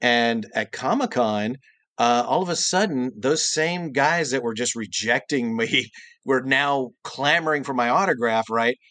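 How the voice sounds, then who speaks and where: A middle-aged man tells an anecdote as a podcast guest, with an animated delivery that jumps into high, exaggerated voices for quoted lines. His voice sits in a middle pitch. The sound is dry and close, with no room echo. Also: unhurried. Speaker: guest voice actor and cartoonist. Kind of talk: storytelling anecdote in podcast interview.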